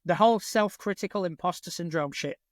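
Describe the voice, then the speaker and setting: A man with a northern English accent chats casually as a podcast co-host. He is blunt and sweary and pokes fun at himself, and his voice sits a little high. The room is dry and close. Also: brisk, dry recording. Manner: blunt and sweary, self-deprecating. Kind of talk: casual chat.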